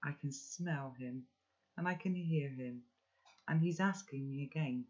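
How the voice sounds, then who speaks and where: A man's voice: on the high side, a little slow, a little mellow. Man reading a children's novel aloud. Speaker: children's book reader. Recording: dull, lo-fi recording.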